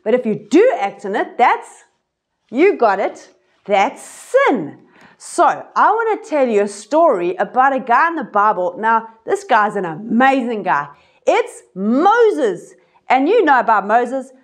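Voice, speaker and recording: A woman telling children a Bible story in an expressive way, acting out voices and sound effects. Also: fairly high pitch, a little slow. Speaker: children's ministry teacher. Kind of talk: animated Bible lesson for kids.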